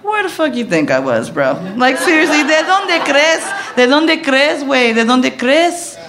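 A woman's voice: on the low side, huge pitch swings, brisk, a crowd in the background. A woman voicing a small, fierce wife confronting her cheating husband, sarcastic and swearing, mixing in Spanish. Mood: defiant.

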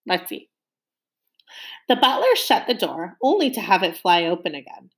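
A woman reads a children's novel aloud with a lively, animated intonation, pausing to quiz her young listeners. Her delivery swings up and down as she tells the story. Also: fairly low pitch. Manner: lively, stops to ask listeners questions. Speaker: reader.

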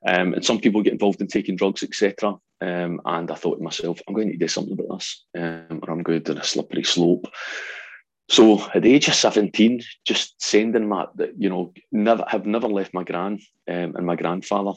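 Deep gravelly glasgow guy, 40s, husky, chatty storyteller, lots of ums. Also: a little fast. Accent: Glaswegian Scottish. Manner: animated storyteller, acts out quotes, frequent ums. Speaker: guest, ex-soldier. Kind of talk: storytelling in an interview.

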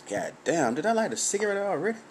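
This middle-aged podcast host has a high-pitched voice and drinks while delivering profane stories in a casual, unpolished monologue. He punctuates them with loud, cackling laughter. A bit of background noise can be heard.

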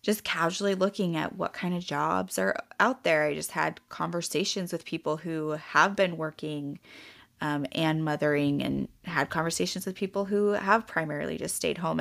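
Woman podcast host, low voice w/ gravelly fry, thinking out loud. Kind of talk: casual reflective chat.

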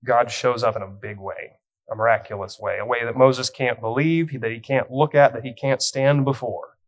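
A young youth pastor delivers a sermon in a mid-pitched voice. He tells the story with light humor and reads the scripture with dramatic weight. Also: steady tone, normal speed, poor audio.

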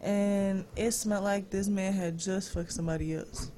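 A woman's voice: medium pitch, steady tone, moderate pace, warm tone, a little hiss or hum. A woman co-hosting a casual podcast chat, laid-back and frank, swearing freely. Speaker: podcast co-host.

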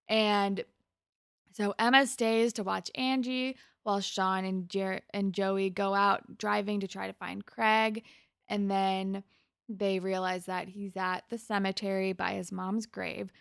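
A woman's voice: medium pitch, little pitch movement, unhurried, gravelly, clean tone. A young woman with a mid-range voice talks loosely through an episode recap, quoting the characters as she goes. Her voice sounds close and dry, with no room echo. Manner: chatty, loose storytelling with many fillers and quoted lines. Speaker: podcast co-host. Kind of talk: casual chat recapping a TV episode.

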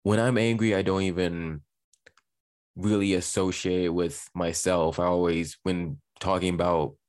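A man's voice: deep voice, fairly even intonation, a little slow, a little mellow, no room sound, studio quality. A man hosting a conversation, reflecting thoughtfully on what his guest said. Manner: reflective, builds on guest's points. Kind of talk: conversational interview.

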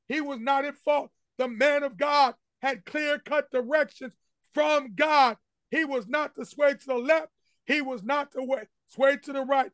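A man's voice: very high-pitched, a bit bright, no room sound, clean studio sound. A man preaching a sermon as senior pastor, emphatic and repetitive, addressing his congregation directly. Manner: emphatic call-and-response preaching with repeated refrains. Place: church sanctuary.

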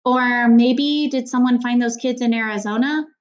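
A woman reading a young schoolboy's lines in an audiobook, making him quiet, hesitant and eager to please. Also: on the high side, steady tone, normal speed, pitched above the performer's own voice, natural voice. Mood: timid.

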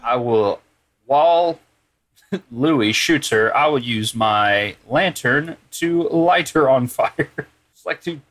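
A man's voice: medium pitch, animated, slow, fairly bright tone. A man playing a tabletop game, talking in a drawling, easygoing way. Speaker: player. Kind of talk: casual tabletop game chat.

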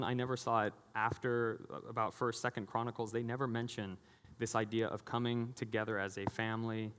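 A man preaching a lively, conversational sermon as a pastor, often acting out the voices of the people he describes. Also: mid-range voice. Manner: animated, acting out quoted voices. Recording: long hall reverb.

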